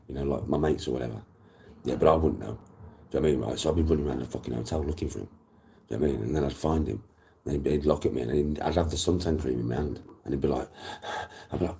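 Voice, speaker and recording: Deep-voiced man, swearing banter. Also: warm tone. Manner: rambling, profane, repeats himself. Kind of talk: casual storytelling chat.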